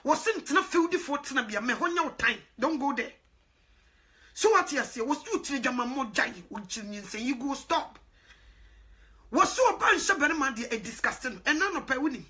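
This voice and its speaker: A woman evangelist preaching a sermon in an animated way, swinging from hushed asides to loud exclaims and laughing often. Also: high-pitched, moderate pace.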